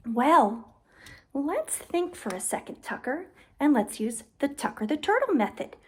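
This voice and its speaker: Patient woman teacher for a kids' lesson, high and animated, unhurried. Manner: gentle, patient, instructive. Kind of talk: children's lesson with toys.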